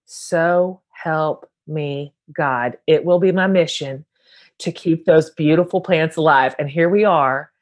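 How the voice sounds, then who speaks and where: Chatty woman podcast host, lower voice. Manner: warm, enthusiastic, filler-heavy questions. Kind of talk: casual interview chat.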